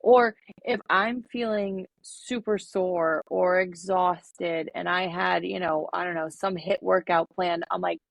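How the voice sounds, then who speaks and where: A woman co-hosting a podcast, talking in a relaxed, rambling way with lots of fillers. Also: lowish voice, slow pace, gravelly, few pauses, dry recording, dull audio. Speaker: podcast co-host. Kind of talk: casual podcast chat.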